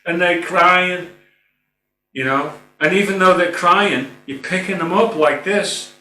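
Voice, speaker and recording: A man's voice: high-pitched, normal speed, bright, forceful tone. A middle-aged man giving an earnest, informal spiritual talk, rambling a little and often saying "you know". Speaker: spiritual speaker. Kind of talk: spoken reflective talk. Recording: roomy, distant mic with faint hum.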